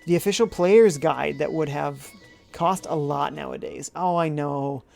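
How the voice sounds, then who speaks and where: A gravelly-voiced game streamer talks through play in a loose, chatty way, reading viewer messages aloud and answering them. Thoughts come out half-formed, with hums while weighing choices. Soft music sits faintly in the background. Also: medium pitch, unhurried. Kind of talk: live-stream gameplay commentary, reading chat aloud.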